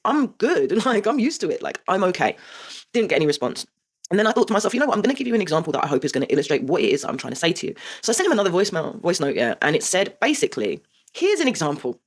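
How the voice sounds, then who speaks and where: A woman's voice: on the low side, big pitch swings, racing. A woman in her forties, hosting a heartfelt confessional monologue, emphatic and blunt with the odd swear. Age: 40s. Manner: emphatic and heartfelt, swears, asks rhetorical "right?". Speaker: host.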